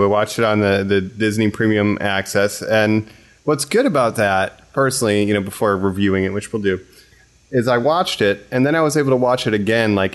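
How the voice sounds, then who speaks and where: A man co-hosting a podcast in casual chat, steering the discussion with easygoing questions. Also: lowish voice. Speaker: podcast co-host.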